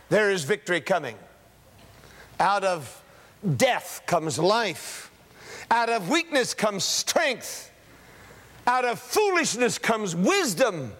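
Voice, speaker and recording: A high-pitched male preacher delivers an emphatic sermon, driving his points home with repeated phrases that climb and fall. His voice carries a long, lingering reverb from a large hall. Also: pushed and bright. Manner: emphatic, repeats key phrases in rising cadences.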